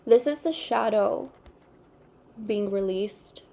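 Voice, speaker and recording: A woman reads tarot cards in an unhurried, earnest voice with a noticeable gravelly fry underneath. She sits at a middle pitch for a woman and circles back over her spiritual phrases again and again. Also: mellow. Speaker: tarot reader. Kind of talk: intuitive tarot card reading.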